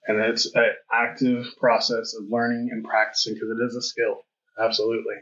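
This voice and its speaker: A man's voice: medium pitch, monotone, fairly quick, fairly bright tone. A man hosting a podcast, talking candidly and reflectively in a rambling conversational way. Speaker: podcast host. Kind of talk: conversational interview. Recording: dull lo-fi audio.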